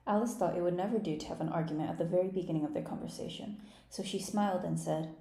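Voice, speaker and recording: A woman volunteer reading a children's chapter book aloud in a calm, measured way. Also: fairly low pitch, creaky, roomy sound. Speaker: volunteer reader. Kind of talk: storybook read-aloud.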